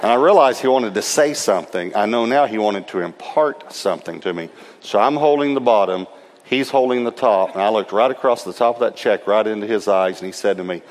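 A man with a fairly low voice preaches a sermon as a lively storyteller, acting out what others said. His voice rings with the long reverb of a large church hall. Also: brisk. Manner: lively storyteller who acts out quotes and laughs. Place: church service.

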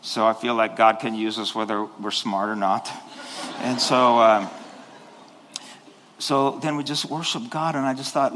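In a church sanctuary, a male pastor with a medium-pitched, fairly bright voice preaches at a moderate pace. He rambles with restarts before rising into sudden passionate bursts, and long hall reverb fills the recording.

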